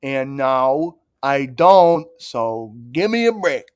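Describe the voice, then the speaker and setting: A man's voice: medium pitch, very animated, slow pace, darkish tone, clear, resonant tone, no room sound, studio quality. A man co-hosting a podcast in casual comedic chat, ranting with profane mock outrage. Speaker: podcast co-host.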